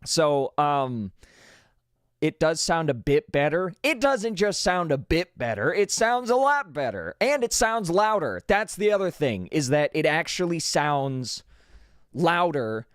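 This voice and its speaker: A fairly high-voiced man rambles excitably on his own live stream, his pitch bouncing all over as he restarts his sentences. He talks into a dynamic broadcast microphone at a home streaming setup. The sound is close and dry, with no room echo at all. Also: unhurried, smooth. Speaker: livestream host. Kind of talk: casual live-stream chat. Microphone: dynamic studio broadcast microphone.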